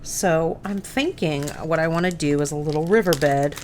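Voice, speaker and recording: A woman's voice: low-pitched, moderate pace, a little mellow, slight background noise. A woman in her forties hosting a live painting stream, chatting casually and laughing easily. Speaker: host. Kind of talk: casual chat while painting miniatures.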